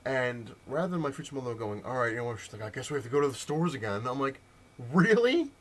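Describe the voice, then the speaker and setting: Man, middle-pitched voice, casual home vlog rant, heated and animated, slight background hiss. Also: rapid-fire. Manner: heated, animated storytelling with mimicked dialogue. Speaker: comic collector vlogger.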